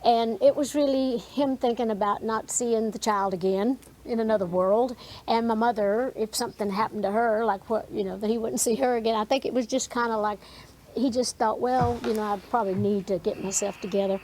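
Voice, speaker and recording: A woman's voice: on the high side, fairly even intonation, normal speed, darkish tone, poor audio. Folksy Southern woman in her sixties. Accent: Southern US mountain. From Tennessee, USA. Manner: folksy, rambling, with many fillers. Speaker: guest. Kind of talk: emotional interview storytelling.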